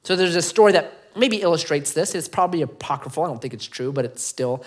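A male pastor preaching a sermon with emphatic, repeated phrases, swinging between loud stress and quiet near-whispers. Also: on the high side, animated, fast talker.

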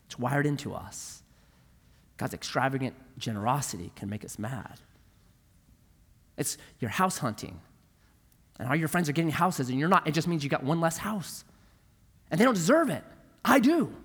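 Telling stories in his sermon, a middle-aged pastor gives voice to each character with animated delivery. He speaks at a moderate pace in a husky, medium-pitched voice, pausing often, and a large hall adds long reverb.

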